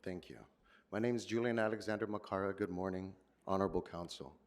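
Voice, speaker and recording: A man giving formal public comment at a city council meeting, earnest and measured like a prepared speech. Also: deep voice, fairly even intonation.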